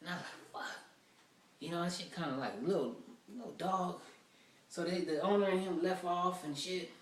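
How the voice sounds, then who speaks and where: This stand-up comedian has a high voice and a moderate pace as he tells casual, profane, wandering stories from a rough draft. The recording is roomy, taken from a distant mic.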